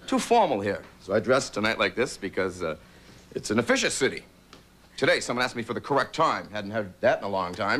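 A man from Boston doing an animated stand-up routine on a TV studio stage. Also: fairly low pitch, a little fast. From Boston, Massachusetts. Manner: animated, does many character voices. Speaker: stand-up comedian. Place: TV studio stage with live audience.

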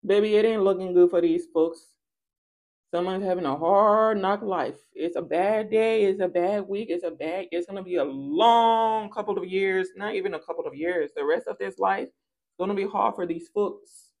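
A woman's voice: medium pitch, normal speed, a little mellow. A woman doing a casual tarot reading for her viewers, talking in a playful, sassy and theatrical way, with singsong rhymes and acted-out bits. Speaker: tarot reader.

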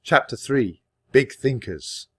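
A man reading a children's chapter book aloud in a clear, steady storytelling manner. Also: medium pitch, slow, dry recording, studio quality. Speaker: storybook reader.

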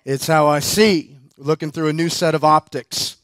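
A guest preacher with a smooth, slightly bright voice on the high side speaks at a moderate pace in a steady tone. He tells a personal story at a conference in a chatty way, laughing often and using lots of fillers and restarts. No echo is audible.

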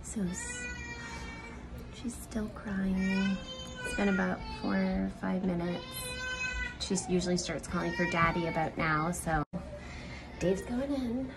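A mother filming her toddler's bedtime at home, speaking softly and soothingly and sometimes whispering. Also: mid-range voice, over loud music. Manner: soft and soothing, slow, whispers at times. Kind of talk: home video diary. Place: home, near a child's bedroom.

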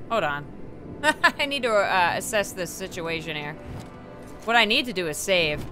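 A woman's voice: lowish voice, big pitch swings, moderate pace. A woman doing gameplay commentary, swearing often and talking back to the game as she plays. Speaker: let's play gamer. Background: faint game music.

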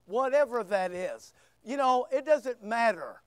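A man preaching a sermon as pastor, emphatic with sudden loud bursts and quiet asides. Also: very high voice, animated, measured pace, smooth, dry recording.

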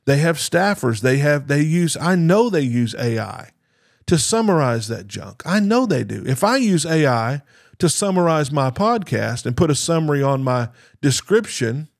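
Blunt, earnest podcast host, dry sound. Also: male voice, fairly high pitch, dry recording. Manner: blunt, earnest, repeats words when stressing a point. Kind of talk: impassioned podcast monologue.

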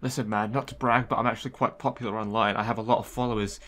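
A man's voice: lowish voice, fairly even intonation, racing, a bit bright. A man streaming a game, joking and reading the on-screen text aloud with sarcastic asides. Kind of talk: game commentary.

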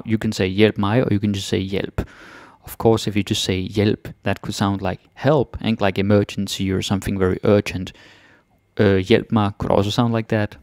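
A man teaching a casual language lesson, chatty and relaxed, repeating phrases slowly and then at full speed. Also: fairly low pitch, dry recording, clean studio sound.

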